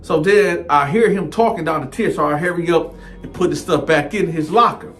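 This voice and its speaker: A man telling a comedic story in an animated way, jumping into the voices of the people in it. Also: a little high, normal speed, soft background music.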